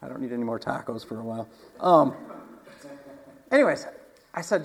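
A man's voice: medium pitch, a little fast, gravelly, long pauses, husky, low-quality recording. A man preaching in a casual storytelling manner, chatty, with frequent asides, restarts and laughs.

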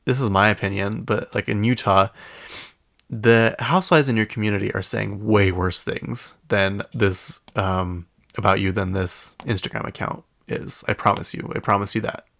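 A man's voice: lowish voice, fairly even intonation, moderate pace, vocal fry, a bit bright, no echo. A man hosting a pop culture recap, chatting casually in a gossipy, opinionated and rambling way. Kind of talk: casual chat.

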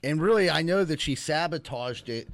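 A man hosting a casual podcast, telling a wry everyday story in a relaxed way. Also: on the high side, moderate pace, no echo. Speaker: podcast host.

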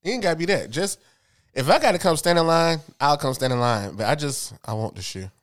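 A man co-hosting a casual chat, relaxed, chuckling, often chiming in with short remarks. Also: a little high, brisk. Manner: laid-back, chuckling, short interjections. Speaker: podcast co-host. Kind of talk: casual chat about sneakers.

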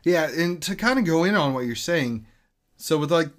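A man's voice: on the high side, animated, moderate pace. A man hosting a podcast, chatting casually and stumbling over names as he reads out film credits. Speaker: podcast host. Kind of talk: casual chat.

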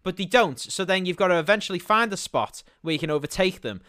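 Ranting man, bright and lively. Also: high-pitched, fast talker, no room sound, studio quality. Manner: ranting, mocking, swears constantly. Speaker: podcast co-host. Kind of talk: casual profane banter.

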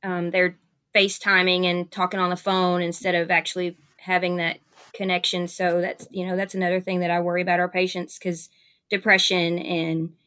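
A woman's voice: fairly low pitch, little pitch movement, normal speed, pushed and bright, smooth. A woman with a Southern US accent, a nurse, chatting casually in an interview and telling stories with lots of fillers. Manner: chatty, upbeat storyteller with many fillers.

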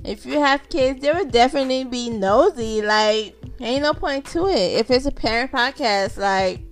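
A woman's voice: a little high, moderate pace. A chatty woman hosts her podcast with loose, unscripted talk. She repeats her phrases and speaks straight to her listeners as y'all. Faint music plays underneath her voice. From Haitian background. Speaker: podcast host.

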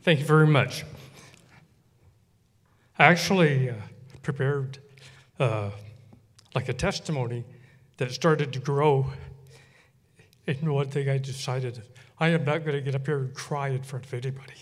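A man giving a personal testimony in church, earnest and halting with many fillers. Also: mid-range voice, long reverb tail.

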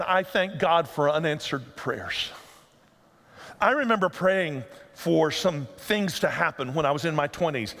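Animated middle-aged male pastor preaching. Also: fairly high pitch, long reverb tail. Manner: animated, conversational storytelling with humor. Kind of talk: sermon.

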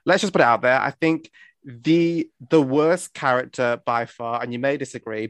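A man's voice: mid-range voice, a bit bright, clean tone, no echo. A man in casual conversation, animatedly mocking a film's characters with profane jokes. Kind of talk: casual film review chat.

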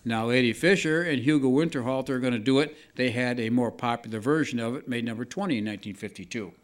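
An older man hosts a countdown show in a loose, chatty way. He agrees quickly and keeps the conversation moving as he reminisces. His voice sits at an average pitch. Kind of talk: casual chat.

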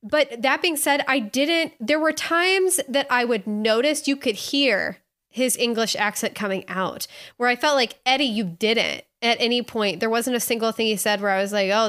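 A woman's voice: a little high, normal speed, fairly bright tone. A woman co-hosting a podcast, chatting casually and enthusiastically, often correcting herself mid-sentence. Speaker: podcast co-host. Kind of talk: casual chat.

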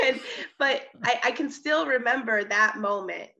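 A young woman, a missionary, telling her personal testimony in an interview, earnest and animated, often laughing and restarting her sentences. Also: on the high side, a little slow. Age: young adult. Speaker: missionary guest. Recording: slightly dull audio.

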